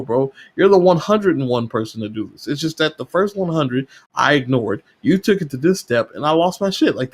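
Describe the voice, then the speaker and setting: A man guesting on a gaming podcast in casual chat, ranting heatedly and swearing often. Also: husky. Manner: heated, profane rant with rising pitch.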